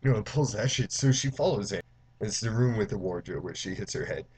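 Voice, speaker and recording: In a rambling, swear-heavy spoiler recap full of "like" and false starts, a man reviews a movie and quickly mimics characters' lines in mock voices. His voice sits on the low side, with background noise behind it.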